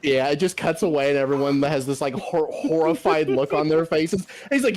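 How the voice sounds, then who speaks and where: A man's voice: a little high, brisk, few pauses, a little mellow. A man streaming a game, casually chatting and retelling cartoon scenes with constant swearing.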